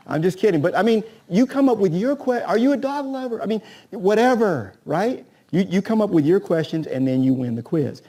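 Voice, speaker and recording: A man teaching a live room of agents, always checking in with a quick "right?" and slipping into role-played conversations with sellers. His voice sits a little high and sounds warm and mellow rather than bright. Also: expressive. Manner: rhetorical, keeps asking "right?"; acts out agent-seller dialogues. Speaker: real estate coach.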